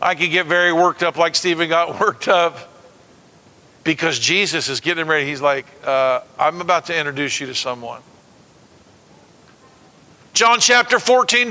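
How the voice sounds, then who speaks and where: A man preaching a sermon, animated and calling on the congregation to repeat words back to him. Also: fairly high pitch, normal speed, long pauses. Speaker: pastor. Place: church sanctuary. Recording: long reverb of a large hall.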